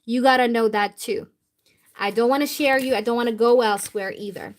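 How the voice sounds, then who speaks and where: Woman doing a tarot channeled reading, kinda high voice, repeats herself a lot, swears casually. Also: fairly even intonation, fairly quick. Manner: repetitive, emphatic, casual swearing. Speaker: tarot reader.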